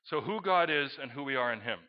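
A middle-aged man preaching a sermon, telling a story and breaking into loud exclamations. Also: medium pitch, expressive, quick pace. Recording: dull lo-fi recording.

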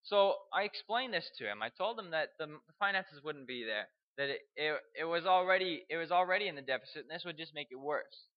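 A young man from Canada, telling a personal story in a halting way, repeating words and chuckling. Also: a little high, expressive, muffled recording. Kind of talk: storytelling speech.

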